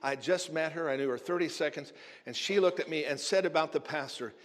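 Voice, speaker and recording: Preacher guy telling a funny story, kinda high voice, chuckles a lot, big hall echo. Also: brisk, noisy background. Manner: animated storyteller, chuckling as he talks. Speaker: minister. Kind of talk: storytelling sermon. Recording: long hall reverb.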